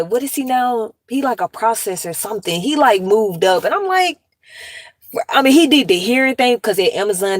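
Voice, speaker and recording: A woman's voice: on the low side, no echo. Blunt, profane woman ranting casually. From United States. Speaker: commentary vlogger.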